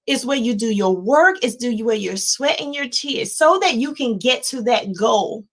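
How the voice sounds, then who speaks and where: A woman in her forties giving a livestreamed life-coaching talk, emphatic and animated, chanting repeated words and laughing often. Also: fairly high pitch, normal speed, few pauses, poor audio.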